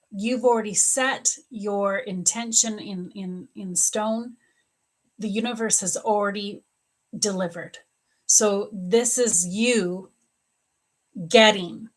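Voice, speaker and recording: A middle-aged woman gives live psychic readings, answering viewers' questions one by one. She speaks at an unhurried pace and calls out viewers by name. She often repeats her words and laughs as she goes. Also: medium pitch.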